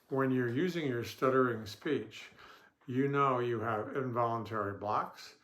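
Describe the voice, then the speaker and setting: A man speaking as a stuttering therapist, giving a calm instructional talk in slow, deliberate phrases with pauses and the odd throat-clear. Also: medium pitch. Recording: echoey room.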